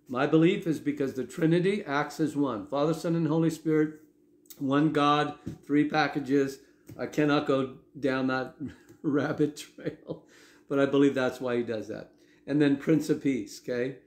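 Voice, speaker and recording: A man preaching a sermon in a conversational way, often checking in with his listeners with a quick "okay?". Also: mid-range voice, a little mellow, roomy sound. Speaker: pastor.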